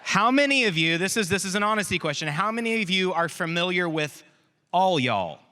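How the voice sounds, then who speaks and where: A man with a Texan accent giving an energetic youth conference talk, drawing out words and calling out to the crowd. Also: sits high, a little fast, slight background noise. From Texas. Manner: animated, draws out words for emphasis, calls out to the crowd. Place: large hall. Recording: long hall reverb from a big venue.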